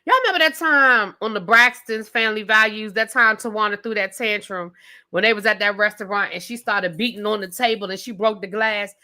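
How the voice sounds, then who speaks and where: A woman with a medium-pitched voice talks fairly quickly while hosting a live review stream. She rants casually and addresses her viewers directly with "y'all" and "baby," tossing in sassy asides. Animated, she repeats questions for emphasis.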